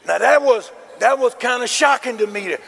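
Male preacher, high gravelly voice, long church reverb; sermon, amens, climbs to shouts. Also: expressive, normal speed. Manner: emphatic, punctuated with frequent amens, building to shouts.

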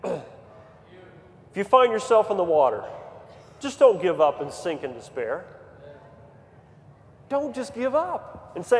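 A man preaching a sermon in a church, moving from quiet storytelling to fervent, near-shouted appeals. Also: high-pitched, very animated, takes it slowly, long pauses. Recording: long hall reverb, faint ambience.

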